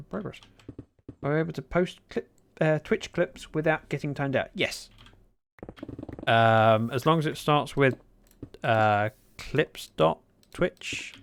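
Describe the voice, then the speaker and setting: On a game livestream, a man from Britain reads out viewer comments, poking fun at himself in a dry way. His fairly high voice is gravelly and a touch bright, and some background noise can be heard.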